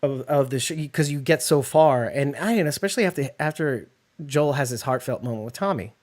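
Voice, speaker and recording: A man's voice: medium pitch, animated, brisk, a little mellow. Guy co-hosting a reaction podcast, rambly, keeps restarting sentences, mid voice. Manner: rambling, restarts a lot, acts out quotes. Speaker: podcast co-host. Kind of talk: casual reaction chat.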